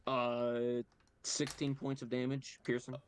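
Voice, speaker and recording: A man's voice: medium pitch, level tone, slow pace, slight background noise. A man playing a tabletop game over a voice call, playfully bantering with the other players. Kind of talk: casual chat.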